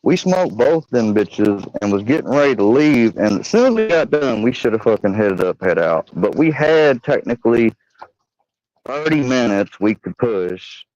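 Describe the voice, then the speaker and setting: A man's voice: mid-range voice, sing-song, normal speed, a little mellow. A young man telling a long, profane story in a rambling, casual way, full of fillers. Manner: rambling and profane, with many fillers and acted quotes. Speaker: channel host telling a story. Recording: dry, slightly dull home recording.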